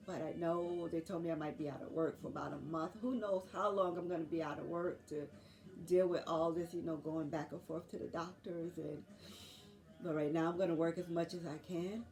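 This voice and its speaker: A woman in her forties speaking in an earnest, halting video diary, pausing often as she talks. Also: fairly low pitch, a little mellow, faint music behind. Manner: earnest, halting, faith-filled, with many pauses and fillers. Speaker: nurse sharing a health journey.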